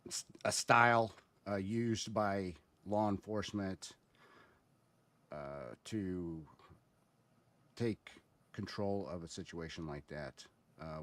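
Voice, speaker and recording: A man giving casual spoken commentary as a guest, halting and explanatory, with many fillers and restarts. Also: a bass voice, a bit bright.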